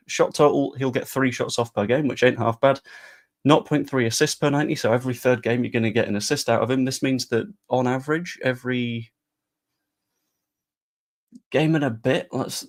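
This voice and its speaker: A man talking casually about football transfers, chatty and sarcastic. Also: mid-range voice. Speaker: football fan vlogger. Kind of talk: casual live-stream chat.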